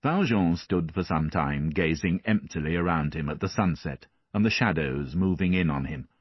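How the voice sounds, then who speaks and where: A man reading a classic novel aloud as an audiobook narrator, measured and expressive. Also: deep voice, slightly rough, dry recording, highs cut off.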